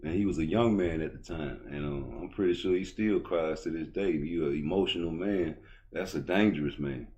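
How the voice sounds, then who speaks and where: Low-voiced baltimore guy cussin and ranting bout boxing, middle-aged, swaggering. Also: brisk, dull audio, a little hiss or hum. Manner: blunt, profane, swaggering street talk, rising loud when heated. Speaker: boxing commentator on YouTube. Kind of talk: casual opinion rant.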